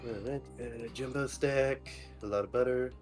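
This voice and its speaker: Man, tabletop game player, joking, listing orders, even middle pitch, faint music behind. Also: moderate pace. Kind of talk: tabletop role-play with a cook character.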